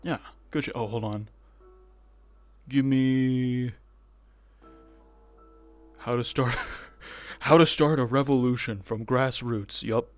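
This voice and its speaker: A man's voice: medium pitch, steady tone, slow, pauses often, faint music behind. Rambling, laughing male streamer. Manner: loud, rambling, laughing to himself. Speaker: streamer and roleplayer. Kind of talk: casual VR roleplay stream chat.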